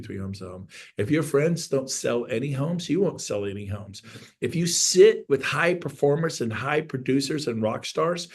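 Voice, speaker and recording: Emphatic motivational coach, male, fifties, mid-pitched voice, preachy delivery with repeated punchlines. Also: darkish tone, breathy edge. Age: 50s. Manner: emphatic, preachy, with repetitions and acted-out quotes. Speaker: real estate coach. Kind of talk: motivational talk on a video call.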